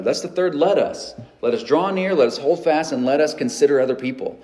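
A pastor preaching a sermon in a conversational way, with everyday examples and frequent restarts. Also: male voice, on the high side, animated, fairly quick, few pauses, a little mellow.

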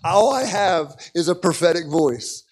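Male preacher, high voice, animated sermon storytelling, repeats words. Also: measured pace, breathy edge. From United States.

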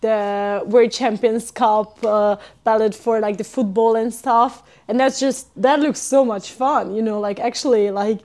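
A young woman from Hungary, a podcast guest telling stories in casual chat, animated and full of fillers. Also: fairly high pitch, measured pace, hardly any pauses. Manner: animated storyteller, many fillers and laughs.

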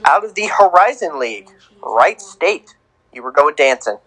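A man's voice: on the high side, big pitch swings, moderate pace, pushed and bright, husky, poor audio. Man, podcast co-host, casual sports chat, playful, teasing. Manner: playful, sing-song announcing of teams.

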